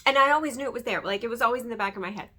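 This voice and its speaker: A woman's voice: fairly high pitch, racing, sharp tone. A middle-aged woman earnestly talking about her faith and fear, often checking in with "right?". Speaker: host. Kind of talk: faith-centered personal testimony.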